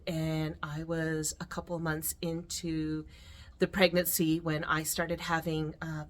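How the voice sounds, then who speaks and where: A middle-aged American woman with a slightly low voice tells a personal story to the camera. She talks earnestly and with feeling, pausing to restart her sentences and filling gaps with little "uh"s and "you know"s. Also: fairly bright tone. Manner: earnest, emotional, with restarts and fillers. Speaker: vlogger.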